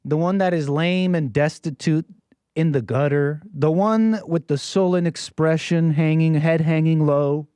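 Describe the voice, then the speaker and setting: A man's voice: fairly high pitch, a little slow, mellow, smooth, no room sound. An American man giving rambling, preachy solo commentary, often repeating his phrases. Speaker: streamer commentator.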